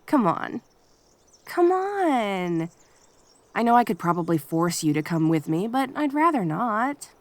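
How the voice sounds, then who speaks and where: A cheerful kitsune girl, acted by a young woman in an audio role-play, teasing her shy friend with a bouncy, animated pitch. Her voice sits at a middle height, and she turns soft and reassuring when comforting. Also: a little slow, no room sound. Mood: playful. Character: playful protective young female kitsune friend.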